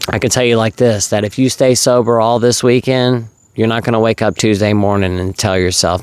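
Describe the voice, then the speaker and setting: Male, 30s, deep resonant voice, close and dry; casual vlogger who rambles earnestly and speaks frankly about recovery. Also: steady tone, brisk, hardly any pauses, smooth, no room sound. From South Carolina. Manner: rambling, earnest, filler-heavy. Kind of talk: casual monologue to camera.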